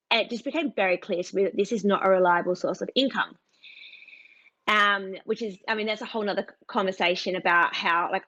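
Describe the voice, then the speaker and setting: A woman's voice: medium pitch, a bit bright, lo-fi sound. Earnest, emphatic woman telling a story. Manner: earnest and emphatic, with many fillers and quoted dialogue. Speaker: podcast guest, content creator. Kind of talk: casual interview storytelling.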